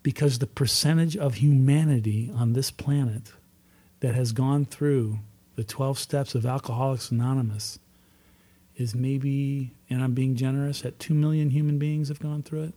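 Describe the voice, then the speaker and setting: Man, recovery meeting speaker, middle pitch, earnest testimony with repeated emphasis. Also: fairly even intonation, moderate pace, warm tone. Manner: earnest storytelling, emphatic repetitions. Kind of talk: personal testimony talk.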